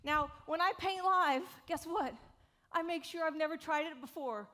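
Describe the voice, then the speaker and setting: A woman from South Carolina, USA, in her 40s, paints live while delivering a keynote from an event stage to an audience. Her voice sits high and moves at a moderate pace. She's frank and full of jokes, lively, and swears casually.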